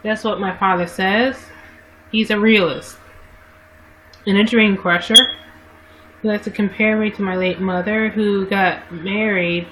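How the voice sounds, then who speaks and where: A woman's voice: medium pitch, slight background noise, poor audio. A woman vlogger talking casually to her livestream viewers into a webcam mic, rambling and often correcting herself. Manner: rambling, frequent self-corrections and restarts.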